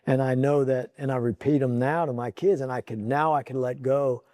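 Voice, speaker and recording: A man's voice: mid-range voice, steady tone, normal speed, mellow, no echo. A middle-aged man speaking as a podcast guest in earnest, heartfelt casual talk, often stopping to restart and repeat his words. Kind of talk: casual chat.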